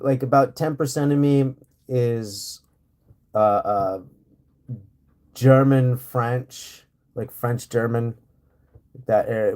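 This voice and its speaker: A man's voice: on the low side, darkish tone. A man chatting casually and rambling on a live stream from home, with lots of fillers and easy laughter. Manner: rambling, laid-back, laughs often, many fillers. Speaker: livestream host. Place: home in rural area.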